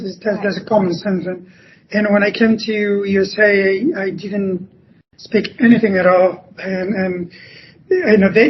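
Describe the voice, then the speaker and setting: A Spanish-speaking man from Cuba with a Cuban Spanish accent, a podcast guest telling stories in a halting way that often restarts phrases. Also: sits high, slight background noise. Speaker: podcast guest, former ballet dancer. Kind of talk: conversational interview storytelling. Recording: dull lo-fi podcast audio.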